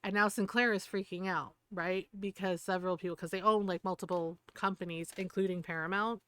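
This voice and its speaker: A woman's voice: medium pitch, steady tone, a little fast, a bit bright, a little hiss or hum. A woman streamer from the United States in a heated, profane rant, laughing between points. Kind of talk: casual ranting chat.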